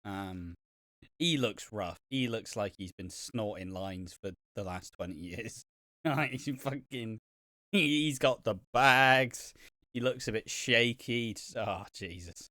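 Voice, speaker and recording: Man, wrestling podcast co-host, bright forceful voice, dry close sound, lots of swearing and laughter. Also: lowish voice, slow pace, no room sound. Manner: swears freely, laughs often, slips into jokey voices. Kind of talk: casual wrestling review chat.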